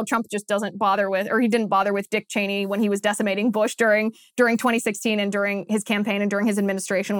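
A woman's voice: medium pitch, no room sound, studio quality. A woman hosting a political podcast, talking in a scornful, mocking way and hammering points home with repeated phrases. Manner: emphatic, repeats phrases for effect. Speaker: podcast host. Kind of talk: opinionated political commentary.

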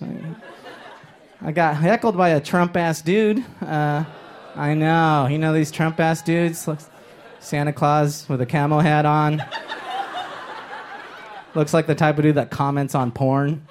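A man from Los Angeles doing a stand-up comedy set on a stage mic, with a punchy delivery that swings into loud shouted bits. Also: a little high, steady tone, a little slow, pauses often, a little hiss or hum. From Los Angeles, Inglewood. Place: comedy stage before a live audience. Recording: live stage mic, crowd laughter.

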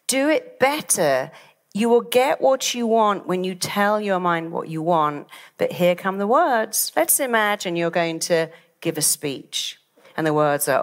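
A middle-aged woman, a therapist giving a lively motivational talk and acting out quoted voices. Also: fairly low pitch, unhurried. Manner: animated, acts out quoted voices. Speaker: therapist and speaker.

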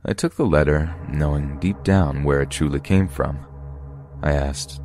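A man narrating true scary stories for a podcast in a steady, measured way. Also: extremely low pitch, faint music behind.

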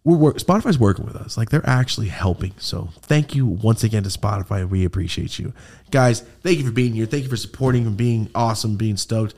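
Casting: young adult male podcast co-host, gravelly low voice, loose joking banter. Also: brisk, a little mellow. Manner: rambling, joking, swears casually. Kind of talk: casual podcast chat.

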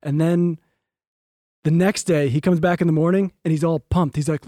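A man's voice: fairly high pitch, steady tone, fairly quick, mellow, no echo, studio quality. A man co-hosting a podcast, telling rambling stories in casual chat and swearing freely. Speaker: podcast co-host.

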